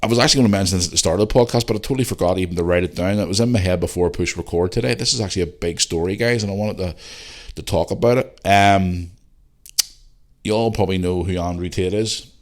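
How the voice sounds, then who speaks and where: A man in his forties with a very deep, low voice, hosting a podcast solo. He rants in a loose, opinionated way, swears often and hammers his points home by repeating them. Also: fast talker. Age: 40s. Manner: ranting, swears freely, emphatic repetition. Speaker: podcast host. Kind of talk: opinionated casual monologue.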